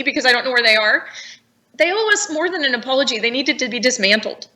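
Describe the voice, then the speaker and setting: A woman's voice: high voice, animated, fast talker, bright, forceful tone. A woman guest telling her story in an interview, blunt and indignant, rambling from one grievance to the next. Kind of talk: emotional personal account.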